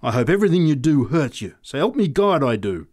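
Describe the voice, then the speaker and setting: A man voicing a woman in a street crowd who mutters blessings fervently and curses savagely, pitched somewhat above his own voice. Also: big pitch swings, fairly quick, darkish tone.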